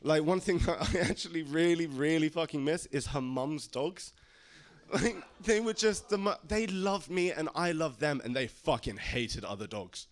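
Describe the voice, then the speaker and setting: A man doing a stand-up comedy set in a club, chatty and crude, slipping into put-on voices. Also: on the high side.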